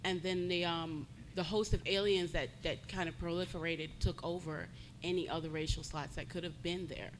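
A woman's voice: lowish voice, fairly even intonation, moderate pace, noisy background. A woman panelist on a fan panel, making pointed, analytical remarks.

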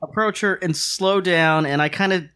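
A man playing a tabletop game, speaking haltingly and stumbling over his words. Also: sits high, bright, forceful tone, clear, resonant tone. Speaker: player.

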